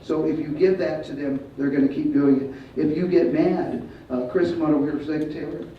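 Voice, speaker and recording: A male martial arts instructor leading a school assembly, giving loud commands and calling for the kids to repeat after him. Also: on the high side, steady tone, a little fast, a little hiss or hum. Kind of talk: school assembly talk with call-and-response. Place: large school hall or gym. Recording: echoey hall, distant, dull sound, faint crowd.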